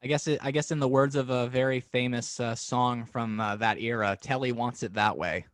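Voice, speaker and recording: A man's voice: mid-range voice, steady tone, dry recording. A young man hosting a podcast, eager and fanlike, chatting with a guest over a video call. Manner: eager, fanlike, quick to laugh. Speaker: podcast host. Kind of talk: casual interview chat.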